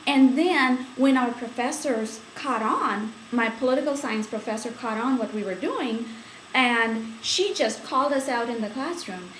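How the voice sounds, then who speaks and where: A woman's voice: on the high side, a little slow, echoey room, a little hiss or hum, poor audio. A woman from India, recalling her school days in an oral history interview, chatty and laughing often. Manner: chatty, laughing storyteller with many fillers.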